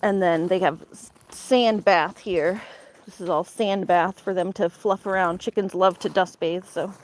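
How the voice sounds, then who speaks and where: A woman's voice: steady tone, measured pace, slight background noise. A woman chatting casually on a live stream outdoors in a farm garden, reading chat and talking to her dog. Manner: chatty, talks to her dog in a high baby voice.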